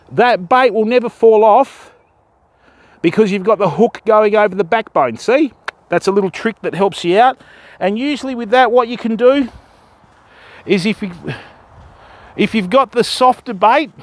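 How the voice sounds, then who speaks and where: A man's voice: high voice, dry recording. An Australian man chatting casually on a live fishing stream, explaining step by step how to bait and rig for the viewers. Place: outdoors on a river bank at dusk.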